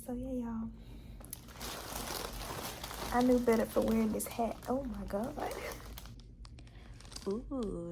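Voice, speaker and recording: A woman's voice: fairly high pitch, fairly even intonation, slow pace, gravelly, long pauses, noisy background. A pregnant woman in her twenties chatting casually to her viewers at home, speaking straight to camera. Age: 20s. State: heavily pregnant. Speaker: vlogger. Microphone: on-camera mic.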